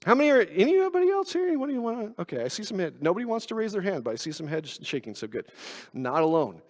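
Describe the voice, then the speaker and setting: A man's voice: high voice, big pitch swings, fast. A man preaching a sermon in a conversational, self-mocking way, asking his congregation rhetorical questions. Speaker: pastor. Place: church sanctuary. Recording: long church reverb.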